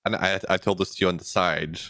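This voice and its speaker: Young guy with a really deep voice cohosting a podcast, laid back and chuckly, dry sound. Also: quick pace, no room sound. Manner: relaxed, chuckling, full of fillers. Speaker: podcast co-host and editor. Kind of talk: casual podcast chat.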